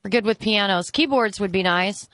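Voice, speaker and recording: Brief: chatty, excited female radio guest, mid-pitched, close dry studio sound. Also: normal speed, dry recording. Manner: enthusiastic, chatty, laughs easily. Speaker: radio guest, charity organizer. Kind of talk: casual radio chat.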